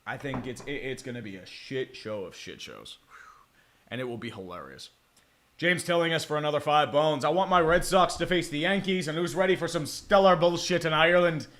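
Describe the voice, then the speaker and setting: A man's voice: a little high, a little fast, fairly bright tone, a little hiss or hum. A young man casually chatting and joking through a live sports watch-along, profane and rambling with dramatic swings. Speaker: livestream host.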